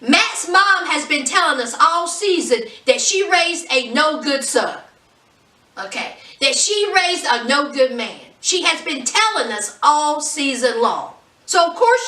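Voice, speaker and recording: Brief: woman reality-show reviewer, sassy and exasperated, unhurried delivery, roomy sound. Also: high-pitched, lively intonation, sharp tone, far from the mic. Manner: sassy, exasperated, keeps calling viewers honey. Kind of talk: casual chat review. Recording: echoey room, voice off-mic.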